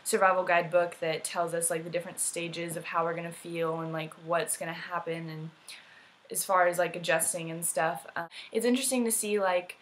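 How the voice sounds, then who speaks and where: A woman's voice: lowish voice, fairly even intonation, fairly quick, a little hiss or hum. A young woman on a student exchange, vlogging to camera in a chatty, rambling way with playful asides. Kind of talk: casual vlog talk to camera.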